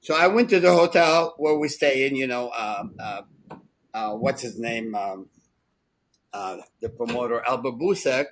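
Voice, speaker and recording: A man in his sixties telling rambling, animated stories as a podcast co-host, laughing often. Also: mid-range voice, measured pace, slight background noise, poor audio. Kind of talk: casual storytelling chat.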